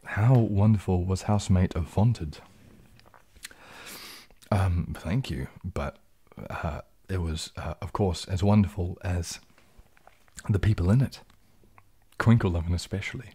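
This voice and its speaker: A man hosting a casual late-night ASMR livestream, chatting softly and reading viewers' questions aloud, rambling in a relaxed way and sometimes dropping into a whisper. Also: deep voice, a little slow, long pauses, husky. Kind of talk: casual soft-spoken livestream chat.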